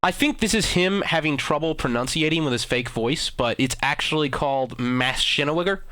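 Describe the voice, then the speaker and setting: Male gaming host, deadpan sarcastic commentary, smooth voice, dry close mic. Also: on the high side, normal speed, no echo. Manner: deadpan mock-arrogant boasting.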